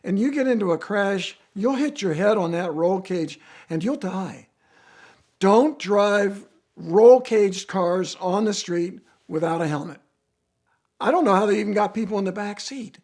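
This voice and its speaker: Guy with a high voice telling a racing story, lots of ups and downs in how he says it. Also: unhurried. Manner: animated storytelling with swings in pitch and volume. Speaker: guest storyteller, racer. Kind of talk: casual anecdote.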